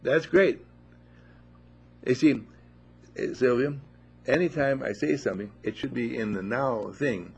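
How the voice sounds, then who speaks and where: A man giving an informal spiritual talk to a small group at a monastery, animated and playful, full of rhetorical questions. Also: medium pitch, vocal fry. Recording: dull lo-fi recording.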